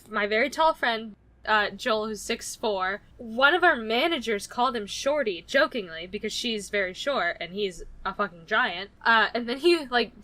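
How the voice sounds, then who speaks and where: A woman's voice: fairly high pitch, bright, forceful tone. A young woman co-hosting a podcast, talking in casual chat that swings between laughing and swearing rants. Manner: laughing, ranting, swears freely. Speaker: podcast co-host.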